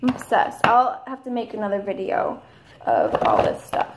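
A young woman in her twenties chatting casually at home in a haul video, gushing and rambling with drawn-out enthusiasm. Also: mid-range voice, sing-song, very noisy. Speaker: vlogger.

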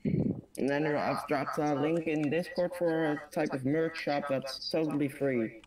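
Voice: medium pitch, fairly even intonation, a little slow, a little mellow. A co-host on a live stream chatting casually and teasing the host. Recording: distant voice with light noise.

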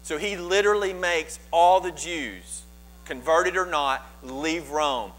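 Animated preaching man, faint mains hum. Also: fairly high pitch, slow pace, poor audio. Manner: animated storytelling, voices biblical figures in asides. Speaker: pastor. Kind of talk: sermon.

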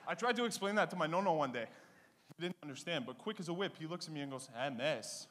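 A man, doing a stand-up comedy set with punchy, animated storytelling. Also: fairly high pitch, rapid-fire. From Canada (Ontario).

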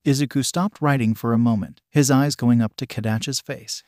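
A man narrating a fan-fiction story in an even, unhurried reading. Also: medium pitch, no room sound, studio quality.

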